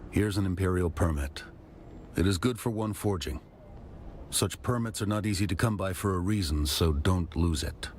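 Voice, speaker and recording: An actor playing a stern, gruff male swordmaster in a video game, curt and measured in speech. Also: low-pitched, slight background noise, natural voice. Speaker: game character.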